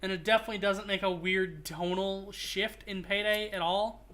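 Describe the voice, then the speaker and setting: Bright, rambling streamer man. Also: high voice, steady tone, moderate pace. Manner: rambling, joking, restarts phrases. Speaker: streamer host. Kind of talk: casual gaming stream chat.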